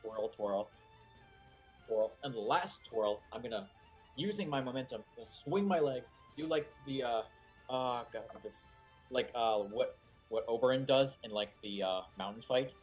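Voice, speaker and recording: A man's voice: mid-range voice, measured pace, soft background music. A man playing a tabletop game, laid-back and rambling, describing his character's moves. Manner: rambling, laid-back, often drops to a quiet mumble. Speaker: player. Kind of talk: casual tabletop play.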